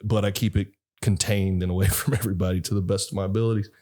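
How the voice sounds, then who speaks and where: A man's voice: sits low, flat delivery, fast, dark tone. A man who is a podcast guest, an actor and director, rambling through personal stories in a laid-back, profane way. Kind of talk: casual storytelling chat.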